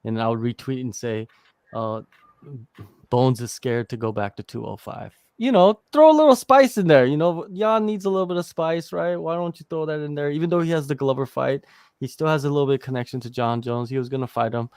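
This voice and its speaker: A man's voice: fairly high pitch, animated, quick pace, darkish tone, clear, resonant tone, no echo, clean studio sound. A man co-hosting a podcast in casual chat, teasing and talkative, with lots of "you know". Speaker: podcast co-host.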